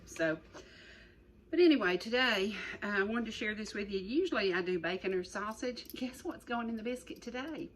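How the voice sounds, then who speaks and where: A woman's voice: on the low side, slight background noise, poor audio. A middle-aged woman hosting a cooking show, chatty and rambling, repeating her words as she demonstrates. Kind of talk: folksy cooking demonstration chat.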